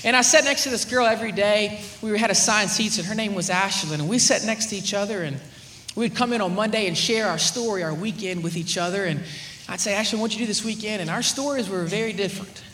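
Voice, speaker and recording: A young man preaching, telling a story with animated swings from loud to hushed. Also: high-pitched, brisk, slight background noise. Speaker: youth preacher. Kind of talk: sermon with storytelling. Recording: echoey room, faint ambience.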